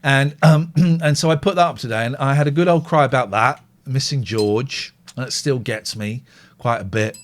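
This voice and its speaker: A man's voice: on the high side, a bit bright. A middle-aged English man hosting a live show, chatting candidly and rambling, reading listener messages aloud. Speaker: radio show host. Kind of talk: casual live show chat.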